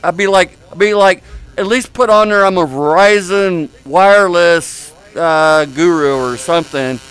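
A VR chat YouTuber jokes casually while hanging out in a social VR game room, teasing strangers with crude banter through a headset mic. His high voice is clear and resonant, fairly bright, at a measured pace.

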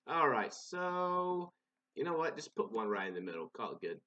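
Young man, gaming commentary, rambling, profane, restarts a lot, somewhat high, bright forceful voice, dull lo-fi mic. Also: sing-song, a little slow. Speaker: gaming channel host. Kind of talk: casual gameplay commentary.

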